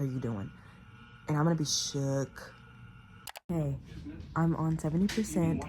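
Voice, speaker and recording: A young woman talks through a thriller she just read in a chatty, animated home vlog. Now and then she drops into a hushed whisper. A faint hiss sits under her voice. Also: sits low. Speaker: book vlogger. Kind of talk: casual chat reviewing a thriller. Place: home living room.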